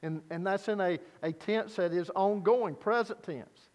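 A man preaching a sermon as pastor, earnest and deliberate, posing rhetorical questions to his congregation. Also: sits high, a little mellow, in a large hall.

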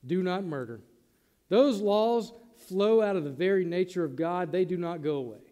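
A man's voice: high-pitched, lively intonation, moderate pace, warm tone, big-room sound. A man preaching a sermon to his congregation in a conversational way, acting out the lines he quotes. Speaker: pastor.

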